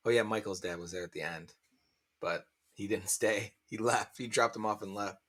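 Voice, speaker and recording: A man's voice: lowish voice, normal speed, fairly bright tone. A man co-hosting a casual podcast who talks in a coaxing, fatherly way. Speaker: podcast co-host.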